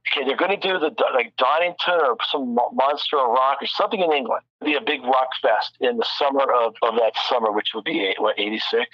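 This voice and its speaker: A male recording engineer telling a rambling, animated backstage anecdote in a casual interview, full of restarts and the odd curse word. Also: medium pitch, fast talker, few pauses, no echo, muffled recording. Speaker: recording engineer and producer, guest.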